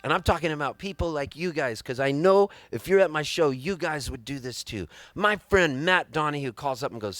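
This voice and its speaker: A man in his fifties telling a long comic story live on stage, animated and rambling with wry timing. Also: on the high side, normal speed, hardly any pauses, dry recording. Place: live music venue on stage.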